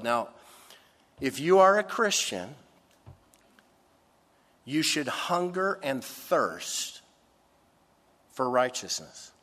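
A man preaching a sermon, slow and emphatic, swinging between loud stressed phrases and soft, low asides. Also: animated, in a large hall. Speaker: pastor.

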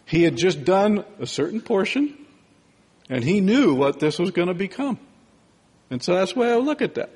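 A man teaching a sermon in a relaxed, conversational way, often checking in with "right?" and "okay?". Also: high-pitched, normal speed, breathy edge, long reverb tail.

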